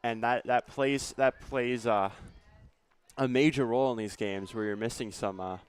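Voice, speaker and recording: A young man giving color commentary on a student soccer broadcast, speaking in an unhurried way with frequent fillers. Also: mid-range voice, steady tone, clear, resonant tone. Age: young adult.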